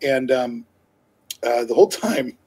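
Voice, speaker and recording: A man's voice: medium pitch, lively intonation, measured pace, a little mellow, breathy edge, rough recording. A man telling a long, rambling story to his co-host on a live stream, full of fillers and restarts and laughing easily. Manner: laughs easily while talking. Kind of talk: casual chat on a live stream.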